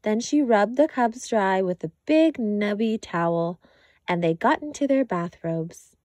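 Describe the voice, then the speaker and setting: A woman's voice: medium pitch, no room sound. A woman reading a children's picture book aloud as narrator. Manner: slow, lively storytelling. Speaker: storytime reader.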